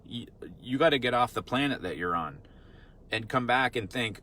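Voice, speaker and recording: A man's voice: medium pitch, expressive, moderate pace, bright, forceful tone, a little hiss or hum. A man working as a dog trainer, explaining in a casual teaching talk, earnest and repetitive, full of rhetorical questions. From Vermont.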